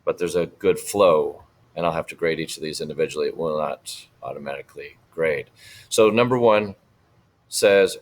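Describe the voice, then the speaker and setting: A man's voice: very deep voice, normal speed. A man teaching a Spanish class, walking students through online activities step by step and checking in with "right?" as he goes. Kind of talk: screen-share lesson walkthrough.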